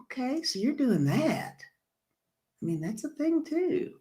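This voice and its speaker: Woman, livestream host, unhurried delivery, giggly, chatty comment reading. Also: sits high, sing-song, mellow. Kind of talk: casual live-stream chat.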